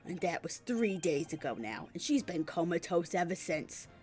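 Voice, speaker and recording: Lady doing a no-nonsense inspector guy, lowish voice, businesslike. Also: big pitch swings, moderate pace, darkish tone, soft background music. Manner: matter-of-fact, businesslike. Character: brisk male police inspector.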